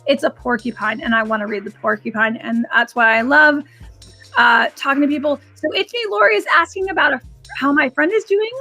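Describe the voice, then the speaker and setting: A woman hosts a live psychic reading stream as a psychic and animal communicator, chatting in a rambling way and often restarting her sentences. Her voice sits high with a sharp tone and a slightly fast pace, over soft background music.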